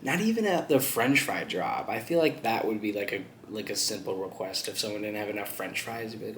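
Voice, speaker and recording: A man's voice: fairly low pitch, lively intonation, brisk, hardly any pauses, a bit bright, a little hiss or hum. Laughing, cussing storyteller man in an echoey room. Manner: laughs often, swears freely, rambling retelling. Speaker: mukbang vlogger. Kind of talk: casual storytelling while eating.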